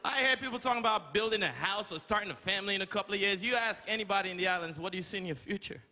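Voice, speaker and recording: A man from Canada doing a stand-up comedy set, with a loud, profane, punchy delivery. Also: high-pitched, rapid-fire. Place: large comedy stage with live audience. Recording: loud crowd and room noise.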